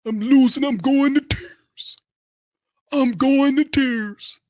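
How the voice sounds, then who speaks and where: A man puts on a sobbing, whiny grown man, mocked in a thin, high falsetto. The lines come slow and drawn out, voiced from a step back from the mic, almost wailing. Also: expressive, dry recording, clean studio sound, full character voice. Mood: mock weeping. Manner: mocking, high falsetto blubbering.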